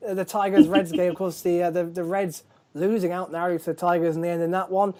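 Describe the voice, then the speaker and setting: A man's voice: high-pitched, little pitch movement, fast talker, dark tone. A man hosting a live baseball chat show, tired and chatty, often stumbling over his words. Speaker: host.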